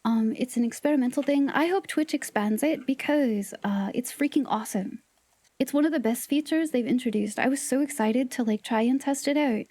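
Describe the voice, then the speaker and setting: High-voiced playful woman streamer. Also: brisk, warm tone, dry recording. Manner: playful and teasing, with dropped whispered asides. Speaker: livestreamer. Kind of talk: casual live-stream chat with viewers.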